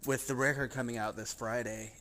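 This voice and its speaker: A man's voice: medium pitch, steady tone. Chatty male host over noisy hiss. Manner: chatty, agreeable, quick backchannels. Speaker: interview host. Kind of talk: casual interview talk.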